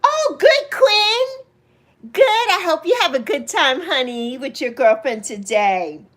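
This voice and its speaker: Woman in her 60s, New York accent, high voice, chatty livestream host who teases viewers. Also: animated, normal speed. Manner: chatty, teasing, laughs often. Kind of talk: casual livestream chat to viewers.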